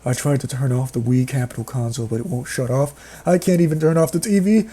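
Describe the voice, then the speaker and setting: A fast-talking man with a warm, husky, mid-range voice barely pauses as he reads a horror story aloud. As reader and commentator, he mocks it sarcastically and keeps breaking into laughter and outbursts.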